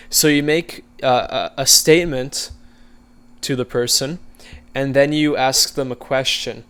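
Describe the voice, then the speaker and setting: A man coaching viewers in a casual, conversational way, relaxed and easygoing, with frequent fillers. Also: medium pitch, a little slow, clean tone. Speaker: social skills coach. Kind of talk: casual instructional talk.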